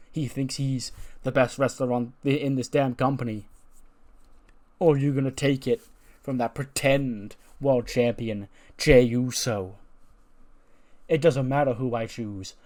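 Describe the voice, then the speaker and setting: A man voicing a boastful male wrestler cutting a slow, deliberate, threatening promo. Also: medium pitch, steady tone, darkish tone, natural voice. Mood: boastful, menacing.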